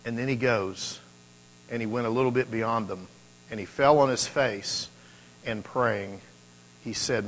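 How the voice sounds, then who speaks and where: A man's voice: mid-range voice, steady tone, unhurried, pauses often, a bit bright, slight background noise, low-quality recording. A man preaching a sermon, talking conversationally and building to emphatic peaks. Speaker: pastor.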